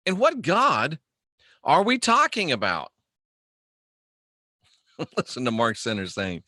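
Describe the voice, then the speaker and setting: A man's voice: mid-range voice, wildly swooping pitch, slow pace, pauses often, bright, forceful tone, no echo, studio quality. A man hosting a casual livestream monologue, rambling and joking as he answers viewer comments. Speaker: host.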